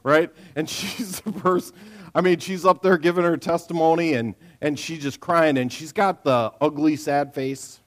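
A middle-aged man preaching a sermon as a pastor, telling stories in a chatty, animated way, acting out quotes and asking "right?" often. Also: on the high side, moderate pace. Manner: animated storyteller, acts out quotes, frequent "right?"; lively conversational sermon delivery.

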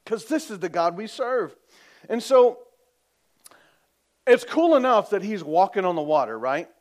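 A man preaching a sermon as pastor, telling the story vividly, asking for amens and dropping from loud to hushed. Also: high voice, measured pace. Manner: lively storytelling, swings between loud and hushed; asks the congregation for amens.

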